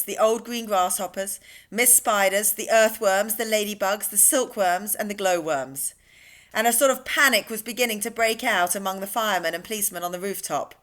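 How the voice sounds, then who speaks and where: A woman reading a children's book aloud at storytime, an expressive storyteller. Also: medium pitch. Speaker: storytime reader.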